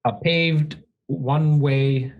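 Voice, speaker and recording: A man's voice: on the high side, fairly even intonation, extremely slow, lo-fi sound. A man co-hosting a real estate podcast, talking in a heated, blunt, ranting way with some swearing. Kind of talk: casual podcast chat. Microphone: studio podcast microphone.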